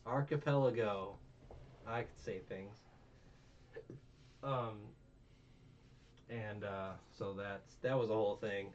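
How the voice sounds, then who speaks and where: A man's voice: fairly low pitch, fairly even intonation, takes it slowly, pauses often. A young man hosting a casual review podcast, rambling, swearing and retelling scenes. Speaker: podcast host. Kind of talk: casual anime review chat. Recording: distant muffled mic, faint hum.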